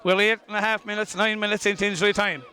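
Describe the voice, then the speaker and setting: An Irish man giving live, openly partisan commentary on a hurling match outdoors, excitable and often shouting. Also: high-pitched, fast talker. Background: crowd and outdoor ambience.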